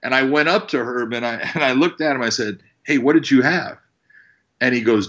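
A man who works as a fight referee, telling animated stories and acting out what people said. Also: medium pitch, fairly quick, dull audio. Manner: animated storyteller, acts out quotes. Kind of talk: casual storytelling.

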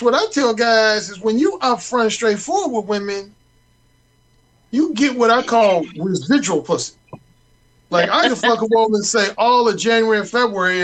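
A man's voice: sits high, fairly bright tone, low-quality recording. A man who writes dating advice books, speaking bluntly and explicitly in casual chat.

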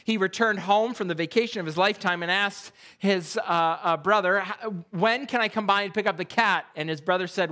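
A man preaching a sermon as pastor, telling a joke with animated delivery before turning to the scripture. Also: fairly quick, hardly any pauses. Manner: animated storytelling, voices jokes with rising pitch. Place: church sanctuary.

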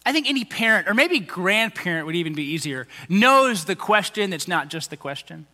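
A man's voice: sits high, very animated, normal speed, pushed and bright, big-room sound. A man preaching a conversational sermon as pastor, acting out the people he quotes in little voices.

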